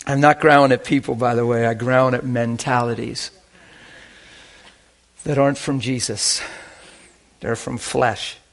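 A man preaching a sermon, telling stories in an animated way that swings from hushed to loud. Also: medium pitch, slow pace, gravelly, long pauses, a little hiss or hum. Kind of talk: sermon storytelling.

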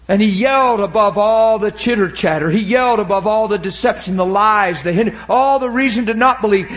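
A man preaching a sermon, acting out the scripture scenes and swinging from shouts to murmurs. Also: high voice, moderate pace, hardly any pauses. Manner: animated, acts out scripture voices, laughs and cries.

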